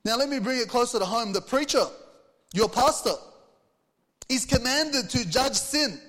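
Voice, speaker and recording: A man's voice: extremely high pitch, expressive, normal speed, a bit bright, long reverb tail. A man preaching a sermon, reading scripture aloud and putting earnest rhetorical questions to the congregation. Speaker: pastor.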